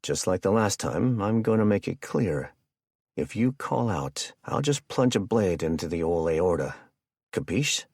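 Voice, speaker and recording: A man's voice: low-pitched, very animated, unhurried, darkish tone, no echo, studio quality, exaggerated voice. A man playing a jovial, sadistic male hitman who chats and jokes while he menaces his captive. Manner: chatty, joking, casually menacing.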